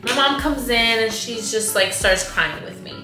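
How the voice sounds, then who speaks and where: A woman's voice: a little high, moderate pace, roomy sound, over music. A woman in her twenties, a vlogger telling a story in casual chat, acting out the people she quotes. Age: 20s. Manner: animated, acts out quotes, says like a lot.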